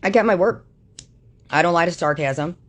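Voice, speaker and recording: A woman's voice: on the low side, normal speed. Furious profane woman ranting. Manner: furious, swearing constantly, calling people out. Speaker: livestreamer. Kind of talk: angry profane livestream rant.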